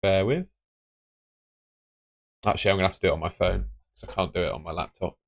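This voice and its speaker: Low gravelly man chatting. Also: fast talker, dry recording, clean studio sound. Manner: chatty, muttering to himself while tapping through his phone. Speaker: livestream host. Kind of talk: casual live-stream chat.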